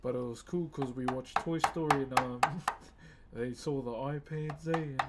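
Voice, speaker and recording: A New Zealand man hosts a livestream, chatting casually and thanking viewers by name in friendly slang. His mid-range voice is steady and unhurried, with background noise present.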